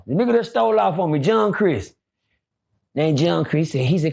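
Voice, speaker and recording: A middle-aged man tells his stories in a high, gravelly voice that swings widely up and down. He is animated and casual, and he keeps slipping into the voices of the people he describes. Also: fairly quick. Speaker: guest. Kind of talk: casual storytelling interview.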